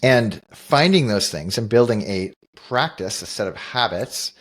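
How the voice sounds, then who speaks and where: A middle-aged man with a fairly low voice speaks as a podcast co-host. He tells a personal story in an earnest, thoughtful way and often backs up to restart a phrase. His delivery stays conversational and unhurried. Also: lively intonation. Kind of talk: reflective storytelling in casual conversation.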